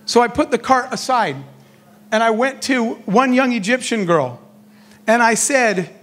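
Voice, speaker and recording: High-voiced man telling stories on stage. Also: a little slow. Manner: animated storyteller acting out dialogue. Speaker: keynote speaker on entrepreneurship. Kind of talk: motivational storytelling speech.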